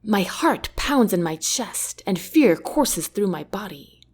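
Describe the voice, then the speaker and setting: A woman narrating a first-person novel as an audiobook, with an expressive, character-driven delivery. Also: medium pitch, takes it slowly, slightly rough.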